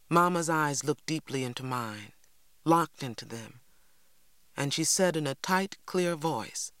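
A woman narrating an audiobook in a steady, measured storytelling voice on a close studio mic. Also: sits low, dry recording. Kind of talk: scripted narration.

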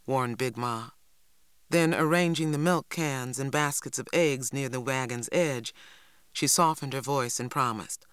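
A woman reading a story aloud in first person, measured and unhurried. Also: very deep voice, no room sound, clean studio sound. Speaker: audiobook narrator. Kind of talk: scripted first-person narration.

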